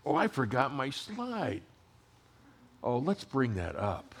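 A man in his sixties, a pastor giving a sermon in a conversational storytelling way, his voice dropping to hushed tones and rising again. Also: mid-range voice, big pitch swings, takes it slowly, pauses often, a little hiss or hum. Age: 60s.

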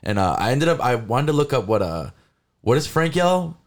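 A man co-hosting a casual podcast, talking quickly and excitedly with lots of "like". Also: medium pitch. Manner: rapid, filler-heavy, excitable. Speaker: podcast co-host.

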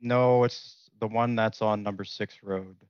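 A laid-back man on a podcast, teasing his co-host and laughing along. His voice sits low. The sound is dry, dull and lo-fi. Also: fairly even intonation, unhurried, darkish tone, smooth, dry recording. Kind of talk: casual podcast banter.

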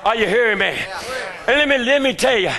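An older man preaching a fervent sermon in a church, shouting his lines and calling out to the congregation. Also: extremely high pitch, expressive, a little fast, creaky.

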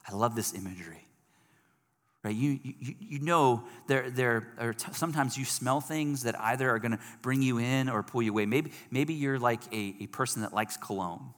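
Preacher in a reverberant hall. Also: male voice, mid-range voice, normal speed. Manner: animated, acts out quoted people in raised voices. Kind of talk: sermon.

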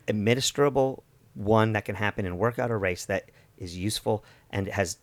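A coach with a fairly low voice talks reflectively in a casual chat, often breaking off and restarting his phrases. His voice is close and dry. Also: normal speed, no room sound.

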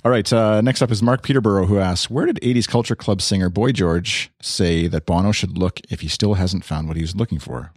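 A podcast host with a fairly low voice reads out listener questions. He is easygoing and laughs off his own stumbles, and the sound is dry and close. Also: a little fast, few pauses, dry recording. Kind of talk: casual podcast hosting.

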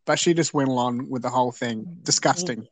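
A man's voice: mid-range voice, brisk. A man joins a casual chat and makes wry, joking remarks.

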